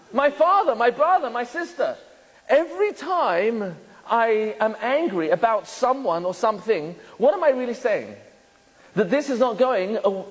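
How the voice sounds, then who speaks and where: A rabbi giving a lecture to an audience, asking them many questions and joking with the room. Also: male voice, very high voice, big-room sound, rough recording. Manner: jokes and laughs with the room.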